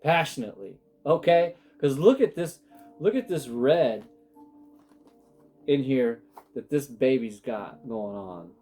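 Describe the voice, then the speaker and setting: A man's voice: medium pitch, animated, slow pace, a little mellow, soft background music. A man giving a casual spiritual tarot reading, emotional and rambling, often breaking off mid-sentence. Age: adult with sons. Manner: emotional, rambling, self-interrupting. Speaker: tarot reader.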